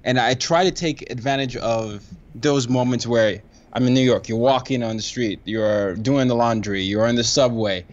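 A man's voice: medium pitch, normal speed. Guy on a podcast, eager and chatty, keeps restarting sentences, kinda muffled lo-fi sound. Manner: enthusiastic, frequent restarts and laughs. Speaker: podcast guest. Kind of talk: casual conversation. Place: New York.

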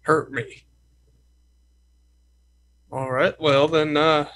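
A man playing a tabletop game, talking casually in a brash, impatient way with quick questions. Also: fairly high pitch, a bit bright, a little hiss or hum. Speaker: player.

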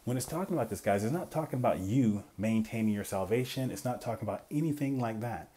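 Low husky man teaching the Bible. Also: lively intonation, fast talker, warm tone. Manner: conversational, asks rhetorical "what?" questions, grows emphatic.

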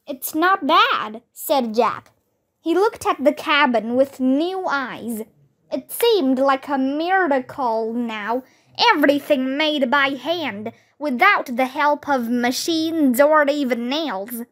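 A woman reading a children's chapter book aloud, slowly and carefully, giving the characters simple voices. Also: high voice, animated, a bit bright. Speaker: reader.

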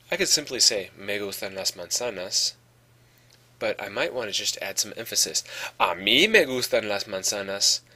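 A man's voice: lowish voice, bright, forceful tone. A man teaching a Spanish grammar lesson, explaining patiently and often checking in with "okay". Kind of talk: podcast lesson.

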